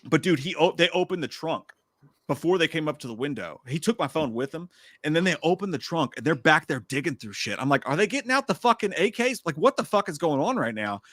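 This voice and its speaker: A man's voice: on the high side, animated, brisk, fairly bright tone, dry recording, studio quality. A man co-hosting a podcast, telling a story in casual chat, acting out quotes and swearing a lot. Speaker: podcast co-host.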